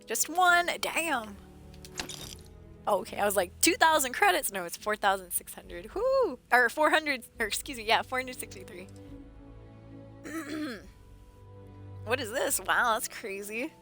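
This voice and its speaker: A woman livestreaming a game, chatting excitedly to her viewers while losing her voice. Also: fairly high pitch, a little slow, long pauses. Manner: chatty, excitable, talks to chat. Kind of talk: casual gameplay commentary. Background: game music.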